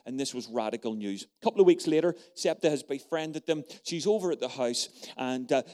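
A man's voice: a little high, a little mellow. A middle-aged man preaching a sermon, telling a story and often turning to address the congregation. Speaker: pastor.

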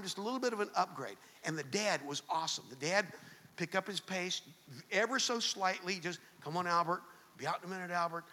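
A man preaches in a church sanctuary, telling a story and often restarting his phrases. His voice is high-pitched and bright. The sound carries a long reverb from a large hall. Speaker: pastor. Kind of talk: sermon.

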